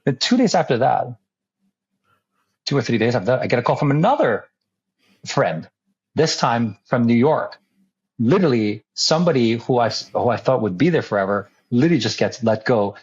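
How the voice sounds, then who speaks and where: Male podcast guest with a husky voice and a somewhat dull recording, a lively storyteller who acts out dialogue and stumbles over restarts. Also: mid-range voice, moderate pace. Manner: frequent restarts and repeated words. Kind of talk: storytelling conversation.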